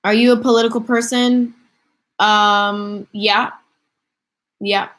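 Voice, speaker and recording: A woman's voice: mid-range voice, flat delivery, takes it slowly, fairly bright tone. A woman in her twenties chatting casually on a livestream, rambling through viewer questions with lots of fillers. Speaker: livestream host.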